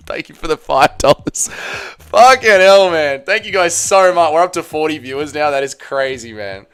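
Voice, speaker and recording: A man's voice: a little high, lively intonation, normal speed, a bit bright, clear, resonant tone, no echo. A man hosting a casual live stream, reading chat aloud, laughing and swearing often.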